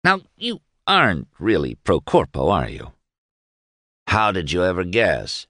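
A man's voice: deep voice, wildly swooping pitch, measured pace, sharp tone, no room sound, full character voice. A man voicing a blunt, plain-spoken old male village editor in an audiobook reading. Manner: plain-spoken, dry and cutting.

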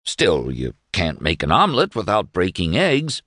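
A man's voice: low-pitched, huge pitch swings, moderate pace, a bit bright, no echo, clean studio sound, full character voice. A man voicing a pompous, overly cordial young male lawyer with stiff, formal, senatorial speech in an audiobook reading.

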